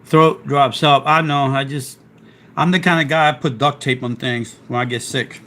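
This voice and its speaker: A man's voice: mid-range voice, steady tone, moderate pace, sharp tone. A man with a Philadelphia accent, talking casually on a live stream and reading chat aloud. He rambles and restarts his sentences while fighting off a sore throat. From South Philadelphia, USA. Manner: chatty, rambling, restarts often.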